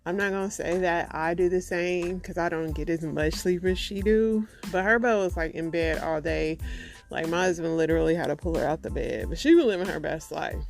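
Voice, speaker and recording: A woman's voice: lowish voice, a little fast, vocal fry, soft background music. A young adult woman hosting her own podcast, chatting casually in slang and telling joking stories. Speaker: podcast host. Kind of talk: casual solo podcast chat.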